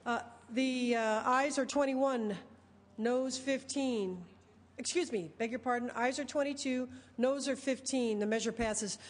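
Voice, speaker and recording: A woman presiding over a legislative session, speaking in brisk procedural phrases. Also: fairly high pitch, fairly even intonation. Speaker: presiding officer. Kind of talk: chairing a session. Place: legislative chamber. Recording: long reverb of a large chamber.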